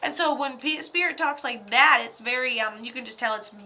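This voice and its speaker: A bright, forceful young woman talks her way through a live psychic reading. Her voice sits a little high, and she rambles loosely with fillers and offhand jokes. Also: a little fast, a little hiss or hum. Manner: chatty, lots of fillers, loose and joking. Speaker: psychic medium.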